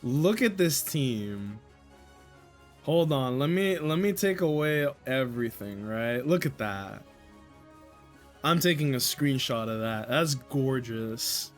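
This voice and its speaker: Male streamer, excitable and jokey, mid-pitched voice, faint game music behind. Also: slow. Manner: joking, excitable, laughs often, swears, talks to chat. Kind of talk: live gameplay commentary.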